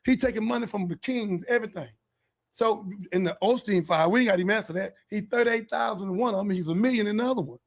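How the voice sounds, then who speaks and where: High-pitched man ranting fiercely. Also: quick pace, gravelly. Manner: fiery, profane, preachy, bursts into shouting. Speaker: podcast host. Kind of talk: heated monologue.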